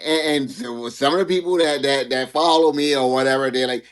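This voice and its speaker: A man's voice: mid-range voice, fast, few pauses. A man hosting a casual online panel discussion, rambling, repeating words and laughing at himself. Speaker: show host.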